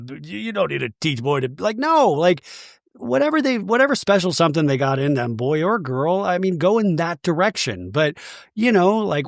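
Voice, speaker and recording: A man's voice: a little high, dry recording, studio quality. Chatty man recapping a reality show. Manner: chatty and self-deprecating, quotes cast members in their own voice. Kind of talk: casual recap monologue.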